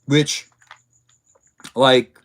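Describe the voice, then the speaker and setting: A man's voice: drawn-out words, fairly bright tone. Male streamer, casual stream host, rambling and filler-heavy, reacts to chat. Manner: rambling, many filler words; reads and answers chat messages. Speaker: livestream host.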